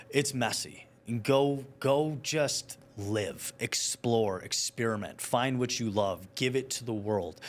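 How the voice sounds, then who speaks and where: A man speaking as a guest in a casual interview, telling stories in an animated way with quick asides. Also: mid-range voice.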